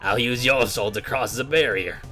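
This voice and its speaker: A man voicing a hot-tempered ghost living in a training dummy, with a put-on Texas twang, shouting taunts. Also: mid-range voice, normal speed, soft background music, lightly acted. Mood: furious.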